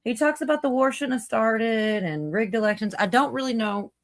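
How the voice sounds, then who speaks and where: A woman's voice: fairly high pitch, normal speed, no room sound. A woman hosting a livestream in a casual, chatty way, reading out viewer comments. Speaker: livestream host. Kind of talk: casual chat.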